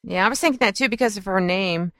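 A woman's voice: mid-range voice, quick pace, no room sound, clean studio sound. A woman co-hosting a casual book discussion podcast, thoughtful and earnest. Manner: thoughtful, earnest, asks questions.

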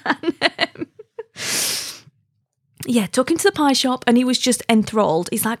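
Her voice is fairly high and animated, moving at normal speed, captured at studio quality without echo. She's a married woman from Wigan, northern England, with the local accent, telling a casual story emphatically and chattily while often asking "right?"

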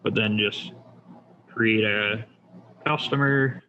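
A man walking someone through his shop's job software in a relaxed, step-by-step way with many fillers. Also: on the low side, slow pace, muffled recording, slight background noise. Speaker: shop owner demonstrating software. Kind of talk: casual screen-share demo.

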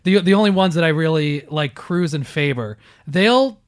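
A man's voice: fairly high pitch, moderate pace. A man co-hosting a casual talk show, chatting conversationally with plenty of "you know" and "like". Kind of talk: casual chat.

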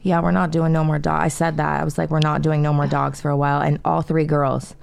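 A middle-aged woman in casual chat, telling animated stories full of profanity. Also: low voice, brisk, vocal fry, a little hiss or hum.

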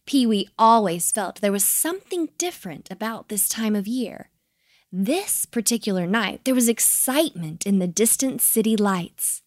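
A woman narrating a children's bedtime story, gentle and expressive. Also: mid-range voice, moderate pace, dry recording, clean studio sound.

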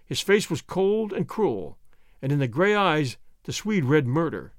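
Male audiobook narrator, lively wide-ranging delivery, higher voice, dramatic storytelling. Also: measured pace, no room sound, studio quality. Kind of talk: scripted narration.

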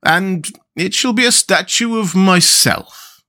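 A man plays a pompous, self-important mayor in a storybook reading. The voice climbs higher than the reader's own and every line comes out as a fussy declaration. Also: takes it slowly, bright, forceful tone, no echo, clean studio sound, full character voice.

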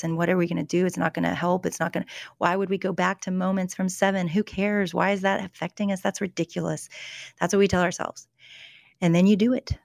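Middle-aged woman, guest author, earnest storyteller, lowish gravelly voice, dry close sound. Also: darkish tone, no room sound. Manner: earnest, storytelling, halting restarts. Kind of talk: conversational interview about faith and emotions.

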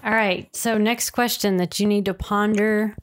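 A woman's voice: medium pitch, fairly even intonation, normal speed. Teasing, exasperated woman co-host. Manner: teasing, exasperated, laughs often. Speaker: podcast co-host. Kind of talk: casual banter between partners.

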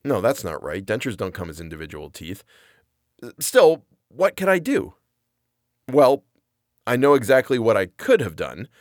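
A man's voice: medium pitch, sing-song, normal speed, long pauses, dry recording, studio quality. A man narrating a comedic first-person story in a wry, self-deprecating, rambling way.

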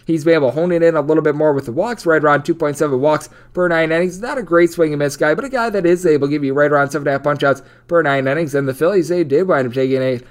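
A man giving a rapid, numbers-heavy baseball betting preview as a sports betting analyst. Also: a little high. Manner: rapid, numbers-heavy delivery with a recurring stock phrase.

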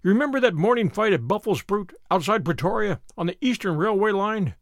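A man voicing a weary, guarded young former soldier speaking in a measured, rueful way in an audiobook reading. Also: high-pitched, lively intonation, no room sound, clean studio sound.

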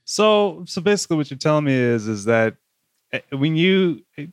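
A man's voice: fairly high pitch, animated, moderate pace, smooth, no room sound, clean studio sound. A man co-hosting a podcast, asking rambling, curious questions. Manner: inquisitive, asks rambling questions. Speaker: podcast co-host. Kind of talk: casual chat.

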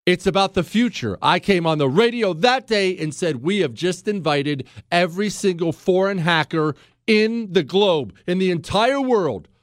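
A man's voice: high-pitched, expressive, moderate pace, dry recording, clean studio sound. A man hosting a radio talk show, delivering a fired-up political monologue full of rhetorical questions. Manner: heated, emphatic, rhetorical questions.

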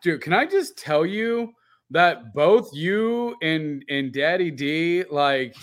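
A man co-hosting a podcast in casual chat, telling a long animated story full of "like" and casual swearing. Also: fairly high pitch, takes it slowly. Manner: animated, rambling storyteller with lots of "like". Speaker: podcast co-host.

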